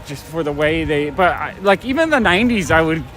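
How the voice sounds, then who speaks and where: Walking through a rainy city at night, a man who runs a comic shop and vlogs live-streams a casual, rambling chat and runs a bit short of breath. His voice is on the high side, animated, brisk and slightly bright, with soft background music and faint traffic noise.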